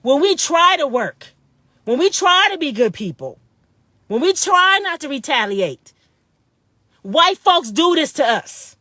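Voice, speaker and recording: A woman in her fifties speaks in a high, bright voice, pressing each point with indignant, repetitive emphasis. The sound is close and dry, with no room around it. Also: very animated, measured pace, pauses often, no echo. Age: 50s. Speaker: vlogger telling her own story. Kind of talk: impassioned personal monologue.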